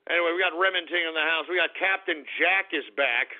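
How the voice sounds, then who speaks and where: A man hosting a talk radio show who rants in a mocking, profane way as he reads out listener shout-outs. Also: on the high side, brisk. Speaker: radio host. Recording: tinny phone-line radio sound.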